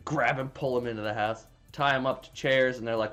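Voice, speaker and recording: A man's voice: mid-range voice, steady tone, a little fast, hardly any pauses, a bit bright, faint music behind. A man casually recapping a movie plot, rambling with frequent restarts and plenty of swearing. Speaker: movie reviewer.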